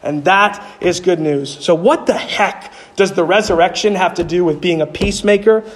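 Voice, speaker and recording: A male pastor delivering a sermon. He asks rhetorical questions and answers them himself, and his voice climbs higher on the key points. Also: moderate pace. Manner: emphatic preaching, voice climbing high on key points.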